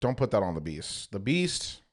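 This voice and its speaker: A man's voice: on the low side, very animated, moderate pace. A man co-hosting a podcast, reacting with blunt, joking interjections in casual chat. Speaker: podcast co-host.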